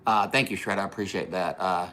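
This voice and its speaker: Rambling, profane man with a bright voice. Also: low-pitched, steady tone, a little fast. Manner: rambling, profane, many fillers and restarts. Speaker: livestream host. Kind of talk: casual livestream storytelling.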